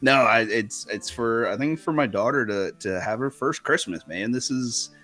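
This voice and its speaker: A man's voice: mid-range voice, moderate pace, bright, forceful tone, faint music behind. A young adult man co-hosting a podcast, telling a story in a rambling, self-interrupting way, often laughing. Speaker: podcast co-host. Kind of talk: casual chat, storytelling.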